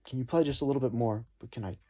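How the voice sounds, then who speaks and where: A man voicing a flirtatious wealthy woman who coaxes softly in a low, quiet tone. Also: racing, natural voice. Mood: coaxing. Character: flirtatious wealthy woman inviting him aboard.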